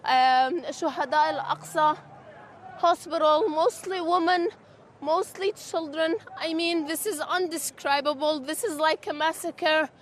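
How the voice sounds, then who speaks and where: A woman reporting live from outside a hospital, urgent and halting, with many fillers. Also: high-pitched, fairly even intonation, a little hiss or hum. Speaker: field reporter. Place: outdoors at a hospital.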